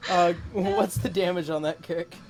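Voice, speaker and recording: A woman narrating as game master of a tabletop game, casual and quick to swear at bad rolls. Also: lowish voice, fairly even intonation, darkish tone. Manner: casual, swears when dice go badly.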